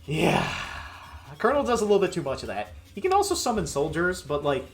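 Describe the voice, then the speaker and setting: His voice is high and swings wildly in pitch as he talks fairly fast over quiet game music. A chatty let's play commentator, he jokes his way through the gameplay and voices the game's lines playfully.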